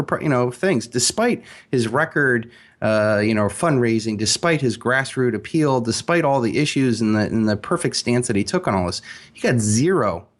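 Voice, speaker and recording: A man speaking as an interview guest, emphatic and animated, with frequent fillers and restarts. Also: mid-range voice. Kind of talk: casual interview talk.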